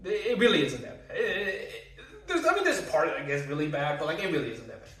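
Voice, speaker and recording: A young man with a fairly high voice talks through a TV season in a loose, rambling way, peppered with swearing and little laughs. He sits a bit back from the mic in a roomy, echoing space. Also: very animated, fast, a bit bright, far from the mic. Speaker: TV reviewer. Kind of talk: casual spoken review.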